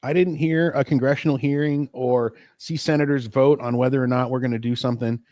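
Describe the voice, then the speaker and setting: A man's voice: medium pitch, fairly even intonation, a little fast, mellow, dry recording, clean studio sound. A middle-aged American man hosting a casual solo livestream, rambling and frustrated, swearing freely and restarting his sentences. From United States. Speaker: podcast host.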